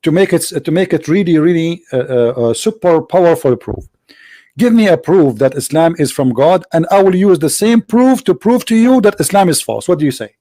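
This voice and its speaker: Insistent debating host with a higher voice. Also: male voice, lively intonation, a little fast, mellow. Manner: argumentative, insistent, repeats points for emphasis. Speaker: host of a live call-in religious debate show. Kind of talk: live call-in debate.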